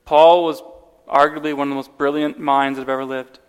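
A man's voice: a little high, flat delivery, fairly quick, clean tone. A man preaching a sermon, telling a personal story earnestly and often restarting his words. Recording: long reverb of a large hall.

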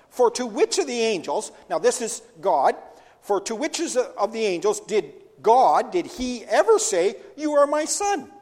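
A man's voice: high voice, darkish tone. A man preaching a sermon as pastor, asking rhetorical questions and answering them himself. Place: church sanctuary. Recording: long church hall reverb.

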